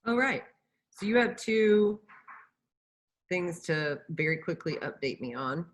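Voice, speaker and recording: A woman's voice: fairly low pitch, expressive, slow. A woman co-hosting a podcast in casual chat, blunt and casually profane.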